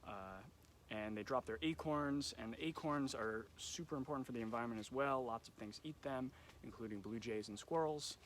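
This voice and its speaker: A man's voice: medium pitch, fairly quick, a bit bright, a little hiss or hum. Young man hosting live nature trivia. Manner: chatty, loose, lots of ums. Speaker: nature center camp educator. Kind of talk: casual live-stream trivia. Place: nature center. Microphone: phone or camera on a live stream.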